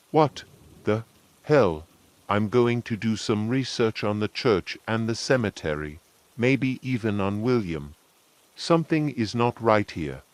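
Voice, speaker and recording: A man reading a scripted first-person horror story in a slow, measured storytelling manner. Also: on the low side, sing-song, no echo.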